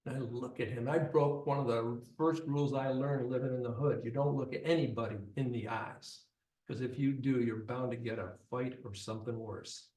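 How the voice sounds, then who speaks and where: A man's voice: medium pitch, fairly even intonation, moderate pace, a little mellow, reverberant, poor audio. A man from Detroit telling a dramatic personal story, acting out the other people's voices.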